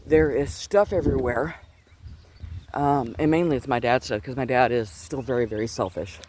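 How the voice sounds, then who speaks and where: This faith vlogger, a middle-aged man, is walking outdoors on a chilly day and earnestly rambling about his faith, breathing a bit hard and frequently starting over. His voice is medium in pitch and moderate in pace, with a darkish tone and a slight hiss or hum from his Bluetooth earpiece.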